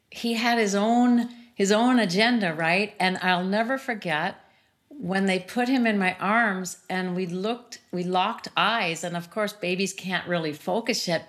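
With a medium pitch and fairly bright tone, a middle-aged woman reflects earnestly on grief as a guest. She works as a sound healer, hosts an interview series, and fills her speech with "you know."

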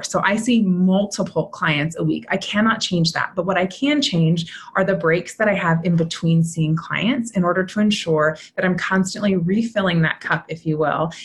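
A woman in her thirties talks as a podcast guest, with a somewhat low voice. She explains in a chatty, upbeat way, often adding "right?" to keep her listener with her. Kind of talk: podcast conversation.

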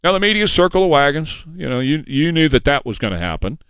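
A man's voice: on the high side, very animated, fast talker, fairly bright tone, clear, resonant tone, dry recording. A man hosting a political talk radio show, delivering an opinionated, emphatic and mocking monologue into a studio microphone.

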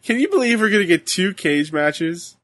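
A man's voice: sits high, expressive, moderate pace, a bit bright. A man chatting casually while watching wrestling, laid-back, giggling often and trailing off with fillers. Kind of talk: casual watch-along chat.

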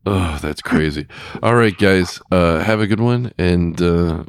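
A man's voice: low voice, a little slow, clear, resonant tone, no echo, studio quality. A man hosting a podcast, chatting casually with lots of fillers and restarts. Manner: rambling, many fillers and restarts. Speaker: podcast host. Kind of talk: casual chat.

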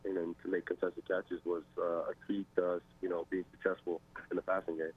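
Deep husky football player on a phone line. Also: male voice, level tone. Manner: modest, measured, filler-heavy answers. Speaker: football player, wide receiver. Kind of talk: post-game press interview.

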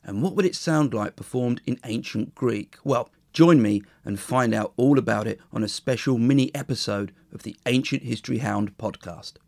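A man hosting a history podcast, explaining in a measured, enthusiastic way and reading a poem aloud. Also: mid-range voice, gravelly, a little mellow. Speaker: podcast host. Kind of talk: educational podcast monologue and poetry reading.

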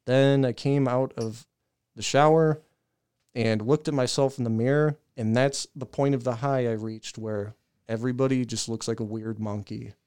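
A young man with a smooth, resonant voice in the middle pitch range spins a rambling, swear-laden story for his podcast co-hosts. He talks casually and laughs at himself along the way. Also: normal speed. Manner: profane, animated storytelling with laughs. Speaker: podcast co-host.

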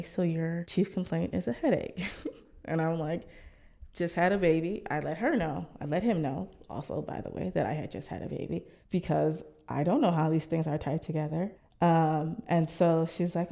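This interviewee, a woman in her thirties, recounts something that happened to her, reflective and candid, performing the words of others. Her low, mellow voice has vocal fry and fairly even intonation at a normal speed.

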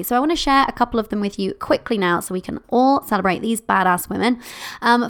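A woman hosting a podcast as a business coach, bubbly and gushing, laughing often and calling listeners "my love". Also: a little high. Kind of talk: upbeat podcast monologue.

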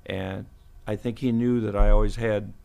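A man's voice: lowish voice, fairly even intonation, moderate pace, creaky, warm tone, clear, resonant tone. A man in his seventies, a veteran football coach, telling chuckling, rambling stories as an interview guest in a podcast studio. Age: 70s. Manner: chuckling, rambling anecdotes with restarts. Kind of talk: storytelling interview.

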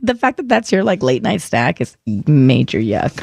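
A woman's voice: low voice, big pitch swings, normal speed, creaky, a little mellow, no echo. A woman co-hosting a podcast, chatting casually in a gushing, agreeable way. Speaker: podcast co-host. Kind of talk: casual chat.

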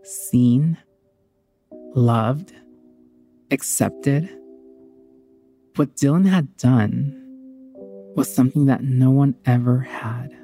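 A woman's voice: extremely low pitch, very slow, long pauses, dark tone, faint music behind. Heartfelt woman telling her own story. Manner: candid, heartfelt, conversational. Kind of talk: personal storytelling.

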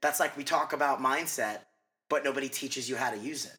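A man as a mindset coach guest in a casual interview, talking fast and rambling with lots of "like" and restarts. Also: medium pitch, bright, forceful tone.

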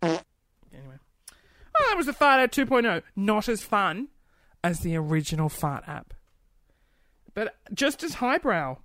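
A woman's mid-range, fairly bright voice has a sing-song quality, a measured pace, and long pauses. She hosts a casual stream, reading viewer comments in a giggly, playful, chatty way with gasps and small asides. The studio sound is clean, with no room sound.

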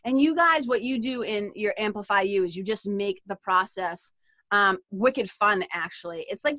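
A woman with a Boston accent, chatting as a podcast guest in a lively, rambling way with frequent laughs. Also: a little high, fairly quick, dry recording. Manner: chatty and animated, given to tangents and laughter. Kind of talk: casual interview chat.

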